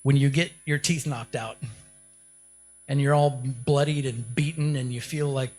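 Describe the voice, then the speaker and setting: A man's voice: medium pitch, steady tone, unhurried, darkish tone, soft background music. A man delivering a motivational keynote speech, firing rhetorical questions at the audience and building up to short, punchy lines. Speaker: keynote speaker.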